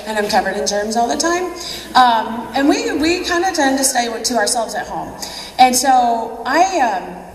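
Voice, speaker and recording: A woman telling her own story as a convention speaker, chatty, laughing and poking fun at herself. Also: a little high. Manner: chatty, laughing, self-mocking. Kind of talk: personal story speech. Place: large convention hall. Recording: echoey hall, distant mic.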